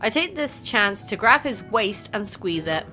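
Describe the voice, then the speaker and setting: A woman's voice: medium pitch, sing-song, slow pace, sharp tone, soft background music. A woman hosting a casual game playthrough, chatting, reacting and reading the story aloud. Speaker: gaming channel host.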